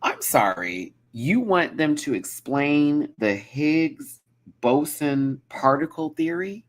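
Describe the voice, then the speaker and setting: A man hosting a live review of a show in casual, animated, giggly chat. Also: fairly high pitch, takes it slowly.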